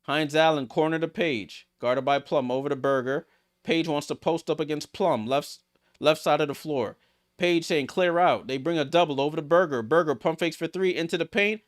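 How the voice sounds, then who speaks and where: A man hosting a live watchalong stream, calling basketball play-by-play and reacting excitedly to each play. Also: fairly high pitch, a little fast. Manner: excitable, rattles off passes, reacts aloud. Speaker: watchalong host.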